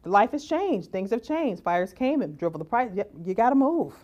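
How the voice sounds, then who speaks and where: A woman giving a lively conference talk as keynote speaker, often asking "right?" and acting out the voices she quotes. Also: fairly high pitch, moderate pace, muffled recording. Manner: animated, acts out quoted voices, rhetorical "right?".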